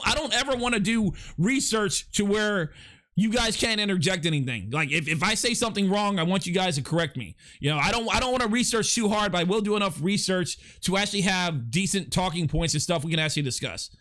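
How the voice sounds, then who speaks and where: A young man with a high-pitched, bright, forceful voice is hosting his first live podcast stream. He rambles and chats casually, stammering whenever he reads out comments from viewers' chat and responds.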